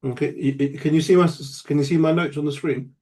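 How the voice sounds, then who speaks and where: A man's voice: a little high, steady tone, fast talker, mellow. A man teaching an online grammar lesson, explaining patiently step by step and checking in with his student. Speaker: Arabic teacher.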